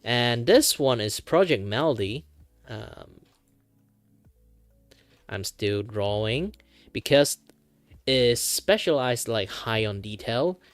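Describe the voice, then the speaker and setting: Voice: mid-range voice, expressive, slow, pauses often, no echo, faint music behind. A VTuber from Malaysia, chatting casually while drawing on stream, with many fillers and restarts. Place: home streaming setup.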